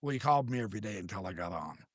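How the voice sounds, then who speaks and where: A middle-aged man telling his story as a guest in an interview, animated and stammering as he acts out the voices of other people. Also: fairly low pitch, very fast, no room sound, clean studio sound.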